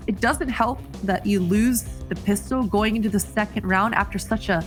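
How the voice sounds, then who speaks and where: Chatty woman doing esports colour commentary. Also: fairly high pitch. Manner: analytical, laughs easily, chatty. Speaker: esports co-caster.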